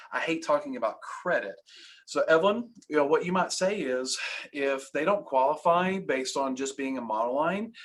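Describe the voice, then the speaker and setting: Guy hosting a sales training webinar, pumped up and emphatic, sounds like a video call. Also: mid-range voice. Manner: energetic, emphatic coaching with acted sales lines.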